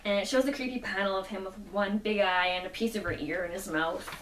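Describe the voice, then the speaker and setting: A woman chatting through a comic book plot and quoting the characters' lines along the way. Her voice sits at an ordinary middle pitch. It comes from some distance off a mic in a roomy, echoing space. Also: fairly even intonation, quick pace, fairly bright tone, a little hiss or hum. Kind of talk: casual plot recap.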